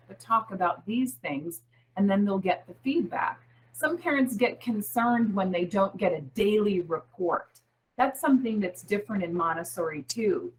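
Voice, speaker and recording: Husky woman explaining to parents. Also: medium pitch, poor audio. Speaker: school head. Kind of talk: interview guest explaining.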